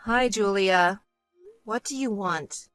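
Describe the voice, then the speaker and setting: Woman doing a calm blunt young woman, curt dry delivery, cartoon story, close dry mic. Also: mid-range voice, slow pace, clear, resonant tone, no room sound, faint music behind. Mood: cool. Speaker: narrating protagonist. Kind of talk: animated story voice acting.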